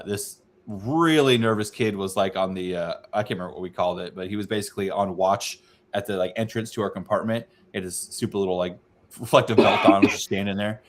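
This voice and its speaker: A man's voice: lowish voice, slight background noise. A man, a navy veteran co-host, telling a loose, rambling story in casual chat and swearing freely.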